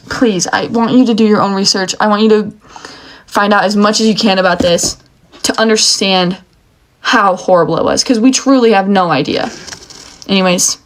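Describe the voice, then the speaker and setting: A young woman giving a heated, indignant rant to her viewers, restarting her sentences often. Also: medium pitch. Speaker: social media commenter. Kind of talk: emotional rant to camera.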